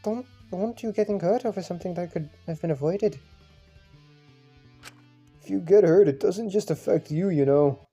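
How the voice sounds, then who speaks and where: A man voicing an earnest young peacemaker who talks gently and reasonably, over faint music. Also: sits high, normal speed, pauses often, breathy edge, pitched above the performer's own voice. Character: earnest young peacemaker, soft-spoken and caring. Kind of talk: fan visual novel voice acting.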